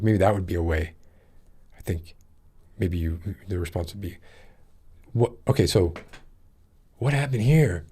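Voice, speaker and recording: A man with a low, slightly mellow voice hosts a podcast, chatting casually and rambling. He reads live chat comments aloud, restarting often and leaning on fillers.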